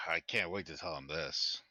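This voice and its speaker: Male game master with a lowish, bright, forceful voice. Halting delivery with repeated words. Dry, close sound. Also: no room sound. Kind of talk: narrating and playing a tabletop game.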